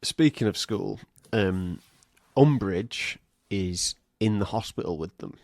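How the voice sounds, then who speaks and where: A man's voice: fairly low pitch, slow pace, gravelly, darkish tone. A man co-hosting a casual podcast, retelling scenes with wry, mocking humour. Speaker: podcast co-host. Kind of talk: casual chat.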